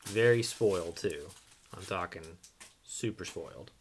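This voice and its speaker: A man's voice: low-pitched, lively intonation, unhurried, a little hiss or hum. Playful man hosting a livestream. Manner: playful, self-teasing, coos at his dog. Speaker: livestream host. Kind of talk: casual livestream chat.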